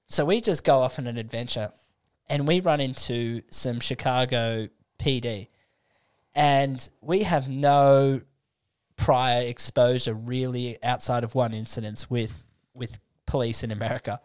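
A man's voice: mid-range voice, fairly even intonation, moderate pace, clean tone. A young Australian man telling a long, rambling story in a casual podcast chat, swearing freely and acting out the people he quotes. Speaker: guest storyteller.

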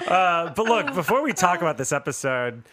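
A man's voice: on the high side, very animated, moderate pace, crowd noise. A man hosting a podcast in casual, rambling, jokey chat. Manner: rambling, jokey, laughs often. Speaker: podcast host.

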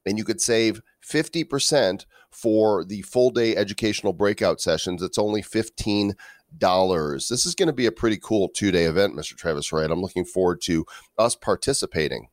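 A lower-voiced man co-hosting a podcast in a playful, jokey way. His voice is close and dry, with no room sound. He talks in a loose, punning banter. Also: normal speed, no room sound. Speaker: podcast co-host. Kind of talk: casual comedic podcast chat.

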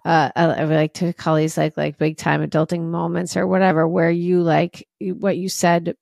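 A woman hosts a casual interview with a low, gravelly voice and very little rise and fall in pitch. She sounds relaxed and affirming and swears offhandedly, and the sound is dry and close. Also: normal speed, dry recording. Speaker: podcast host.

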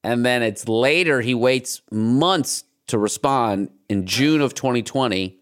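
A man's voice: mid-range voice, takes it slowly, a bit bright, clean tone. Wry man hosting a comedy podcast. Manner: wry, sarcastic. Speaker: podcast host. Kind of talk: casual comedic narration.

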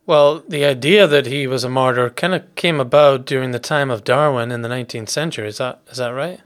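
A man hosting an interview podcast, reading a prepared introduction and measured questions. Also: mid-range voice. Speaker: podcast host.

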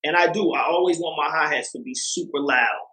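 A man's voice: on the high side, a little fast, sharp tone, echoey room, low-quality recording. A man talking as a music producer guest in a casual interview, rambling with lots of fillers and restarts.

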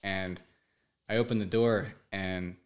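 With a low voice and a steady tone, a twenty-something podcast guest shares something painful from his past. His delivery is emotional and halting, with many repeated words.

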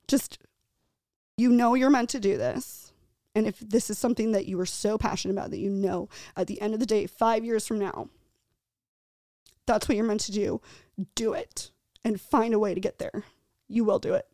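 A woman in her thirties co-hosting a podcast, telling a personal story in an earnest, halting way, tearful and choked up at times. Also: fairly high pitch, a little mellow, dry recording, clean studio sound. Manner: earnest, halting, many restarts and fillers. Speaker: podcast co-host.

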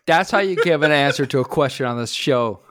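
A man's voice: a little high, animated, fairly quick, a bit bright. Dry, teasing male podcast host. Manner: teasing, dry, moves the talk along. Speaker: podcast co-host steering the questions. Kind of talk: casual chat.

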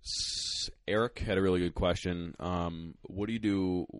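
A man hosting a podcast, reading out listener questions in a relaxed, hesitant way with plenty of ums. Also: low voice, a little slow, no echo.

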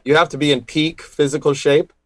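Halting male radio co-host. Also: fairly high pitch, heavy background noise. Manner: halting, many fillers, deadpan puns. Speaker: radio co-host presenting history facts. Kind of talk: casual radio banter. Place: radio studio.

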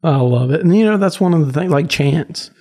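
A man's voice: a little high, expressive, a little fast, darkish tone. A man hosting a podcast, telling hunting stories in a rambling, laughing way, full of "like" and "right?". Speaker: podcast host. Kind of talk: casual storytelling chat.

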